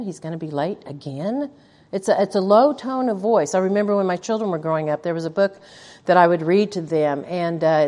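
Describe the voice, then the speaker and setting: Teaching a women's Bible study, a middle-aged woman speaks in a medium, slightly mellow voice. She keeps it chatty, asks the group questions, and mutters quoted asides, with a long echo from the big hall.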